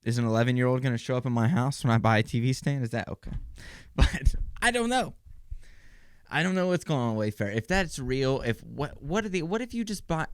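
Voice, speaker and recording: Young guy riffing on his own podcast, sarcastic, keeps cutting himself off, smooth voice, dead dry room. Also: mid-range voice, dry recording. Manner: rambling, sarcastic, trailing off mid-sentence. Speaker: podcast host. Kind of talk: casual solo comedy monologue.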